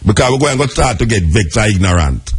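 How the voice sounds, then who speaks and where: A man's voice: on the low side, animated, husky. A man with a Jamaican accent hosting a call-in radio talk show, talking callers round in a preachy, reassuring way. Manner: preachy, reassuring, drawn-out emphasis.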